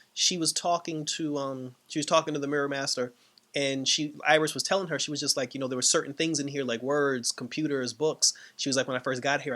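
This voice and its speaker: A man casually recapping and reviewing a TV episode, talking in a rambling, animated way with many fillers and laughs. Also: medium pitch. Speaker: TV show reviewer.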